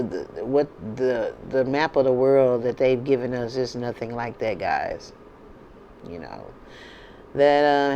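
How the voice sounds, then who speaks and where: A woman's voice: very deep voice, dark tone, highs cut off, a little hiss or hum. A woman from the United States hosting her own channel, talking casually and emphatically to her viewers and often checking in with "okay?" and "you know". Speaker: channel host.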